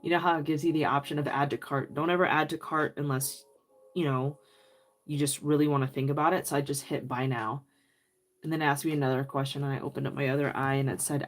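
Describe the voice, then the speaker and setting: A woman hosting a crafting livestream, chatting and laughing as she works and answers viewers by name. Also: low voice. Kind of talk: casual crafting livestream chat.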